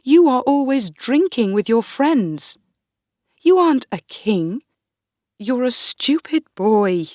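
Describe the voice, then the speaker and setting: A woman voicing a proud, defiant young queen, speaking slowly and firmly. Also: medium pitch, sing-song, a little mellow, no room sound, studio quality.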